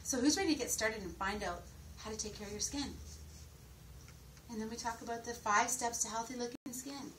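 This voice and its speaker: A woman's voice: a little high, fairly quick, fairly bright tone. A middle-aged woman giving a sales training talk, enthusiastic and often asking her audience questions. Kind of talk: sales training talk with role-played pitch. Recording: distant mic with faint room noise.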